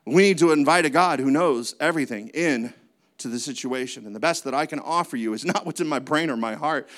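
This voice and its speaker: A man's voice: a little high, brisk, a bit bright. A man preaching a sermon as a pastor, with a conversational manner, lots of rhetorical questions and playful asides.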